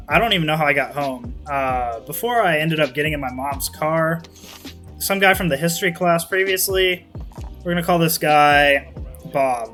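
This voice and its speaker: Late-teen guy, casual vlogger; rambling, profane storyteller with a bright, slightly high voice. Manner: rambling, profane, lots of "kinda like" and fillers.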